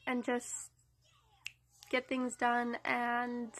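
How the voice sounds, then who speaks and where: A woman's voice: a little high, completely flat delivery, very slow, fairly bright tone. A young woman with a congested, stuffy-nosed voice, chatting casually to the camera at home about her day as a mom. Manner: chatty, rambling. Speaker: mom vlogger. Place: at home indoors.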